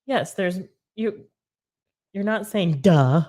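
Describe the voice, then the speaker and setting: A woman's voice: lowish voice, sing-song, moderate pace. A woman co-hosting a casual live show over drinks, dry and teasing, laughing often. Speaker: podcast co-host.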